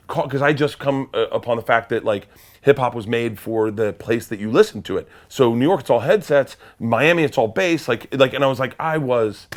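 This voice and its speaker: A man in an interview spins a long anecdote with loose, profane energy. He rambles, restarts and laughs at his own story, and his voice sits at an ordinary middle pitch. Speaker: guest comedian.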